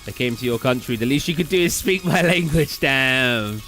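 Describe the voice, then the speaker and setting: Lively British man chatting on stream. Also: medium pitch. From Britain. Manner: rambling anecdotes with many fillers and quick laughs. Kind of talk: casual live-stream chat while gaming. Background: faint game music.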